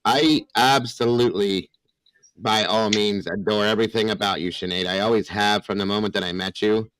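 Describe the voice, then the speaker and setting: A man's voice: lowish voice, normal speed, fairly bright tone, clear, resonant tone, dry recording, poor audio. A man hosting a live panel chat, effusive and reassuring, repeating himself. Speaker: host.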